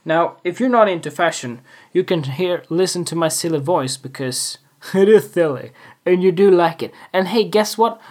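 A man's voice: fairly high pitch, lively intonation, normal speed, a little mellow. A man hosting a casual solo podcast, rambling and joking about his week, laughing at himself often. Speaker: podcast host. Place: home room with window open.

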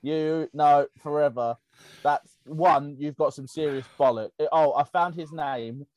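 A podcast co-host on a casual football show, this man tells stories as an animated storyteller with bursts of laughter. His voice is on the high side and measured in pace, with no room sound.

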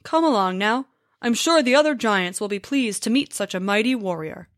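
Big sleepy giant guy mumbling along, woman putting him on, kinda high, no room sound. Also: animated, no room sound, studio quality, natural voice. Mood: drowsy. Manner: slow, drowsy mumbling. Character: huge sleepy good-natured male giant.

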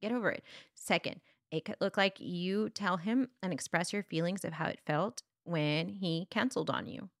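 Lively woman telling stories, dry sound. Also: lowish voice, normal speed, gravelly, no room sound. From Texas. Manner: lively storyteller, acts out dialogue. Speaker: guest. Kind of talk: casual conversation.

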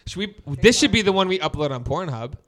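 Co-host, male, a touch higher pitched, playful banter, lively crowd behind. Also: quick pace. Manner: playful, hums and scats along. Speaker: podcast co-host. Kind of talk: casual chat.

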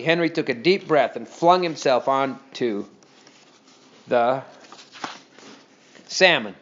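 Guy reading a kids story out loud, expressive, kinda muffled audio. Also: a little high. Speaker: narrator. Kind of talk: reading a children's story aloud. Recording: dull lo-fi recording.

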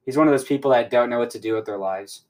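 A young man hosting a podcast, rambling excitedly through a casual recap and swearing often. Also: medium pitch, fast. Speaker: podcast host.

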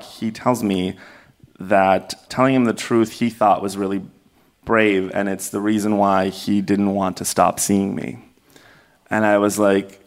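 A man's voice: on the low side, gravelly. A young man telling a personal story live to an audience, candid and self-mocking, often laughing as he talks.

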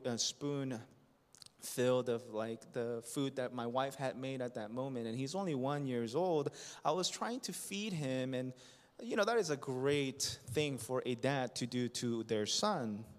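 Man, pastor, slow-paced sermon, impassioned, long church reverb. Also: mid-range voice. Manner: impassioned, rising to loud emphatic preaching. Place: church sanctuary.

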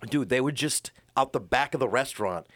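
A man's voice: mid-range voice, a little fast, fairly bright tone, slight background noise. A man from Rhode Island co-hosting a podcast, telling rambling, profane stories full of fillers in casual chat.

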